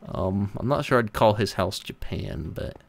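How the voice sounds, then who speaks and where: Low gravelly man with dry teasing. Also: sing-song, normal speed. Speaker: co-player. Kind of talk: casual gaming chat.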